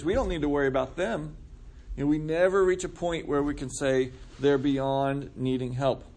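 Male pastor, relaxed teaching sermon, asks the room questions, slightly high voice. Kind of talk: conversational sermon.

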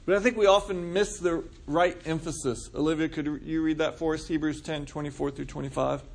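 A man's voice: a little high, fairly even intonation, brisk, creaky, slight background noise. A man preaching a conversational sermon, asking the congregation questions and answering them. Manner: casual, asks the room questions. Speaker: pastor.

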